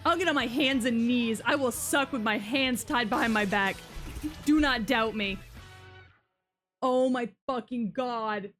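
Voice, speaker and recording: High-voiced, excitable young woman streamer. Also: a little slow, faint music behind. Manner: excitable, swears a lot, shrieks when thrilled. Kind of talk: casual livestream chat.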